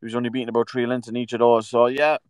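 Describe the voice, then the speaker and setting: A man co-hosting a casual horse racing preview, giving his picks in a relaxed, opinionated way. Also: mid-range voice, racing, clear, resonant tone, no room sound. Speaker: racing tipster co-host.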